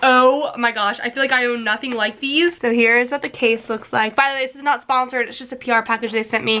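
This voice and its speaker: Bubbly high-voiced woman vlogger. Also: brisk, few pauses, slight background noise. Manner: gushing, excitable, breathless delight; slangy and chatty. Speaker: beauty vlogger. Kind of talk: casual unboxing vlog.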